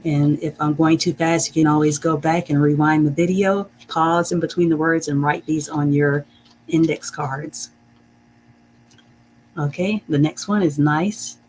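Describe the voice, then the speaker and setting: Slow, patient reading teacher. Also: medium pitch, steady tone, slight background noise, rough recording. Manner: repeats phrases slowly and carefully, says "okay?" often; chuckles often. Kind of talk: live-streamed reading lesson.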